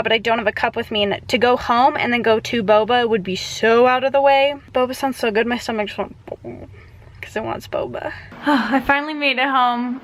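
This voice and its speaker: A bubbly young woman talks casually to her handheld camera, her voice sitting a little high. She rambles in a chatty vlog style. A faint hiss of background noise sits under her voice. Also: a bit bright. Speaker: vlogger. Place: at home indoors.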